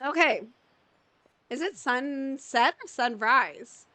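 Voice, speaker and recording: A woman streamer chatting casually while she plays a game. She bursts into excited squeals, then drops to a flat, deadpan voice. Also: slow, a little hiss or hum. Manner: excitable, jumps into high-pitched exclamations, then goes flat and deadpan. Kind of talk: casual live gameplay commentary.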